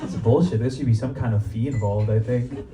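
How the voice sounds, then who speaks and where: In a mellow, medium-pitched voice with a steady tone, a young comic moves a little fast through a casual, profane club set, laughing at his own jokes. A distant mic gives roomy live sound over the audience's laughter and cheers.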